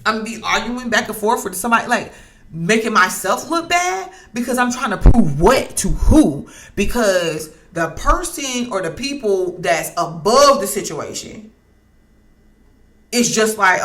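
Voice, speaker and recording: A woman's voice: medium pitch, very animated, unhurried, a bit bright. A woman reading astrology in a casual talk, blunt and heated, swearing freely and repeating herself for emphasis. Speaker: astrology and tarot reader.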